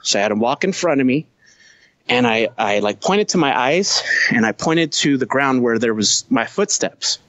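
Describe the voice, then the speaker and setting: A man's voice: medium pitch, lively intonation, normal speed, fairly bright tone, dry recording, lo-fi sound. A man who is a Marine veteran, telling a war story as a podcast guest, blunt and heavy on profanity. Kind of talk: casual storytelling.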